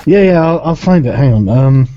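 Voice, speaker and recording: A man's voice: mid-range voice, animated, normal speed, dark tone. A British man in a casual online group chat, stammering through restarts and swearing casually. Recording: dull lo-fi online call.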